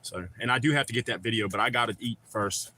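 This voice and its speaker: A man's voice: medium pitch, quick pace, pushed and bright, slight background noise. A man hosting a livestream, chatting casually and profanely with viewers and joking around. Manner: profane, joking, talks back to chat. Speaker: livestream host.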